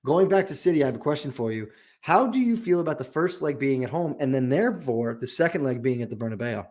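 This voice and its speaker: A man's voice: medium pitch, expressive, fast talker, a little mellow. A man co-hosting a sports podcast, laying out his analysis in easy, chatty talk. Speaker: podcast co-host. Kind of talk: casual sports chat.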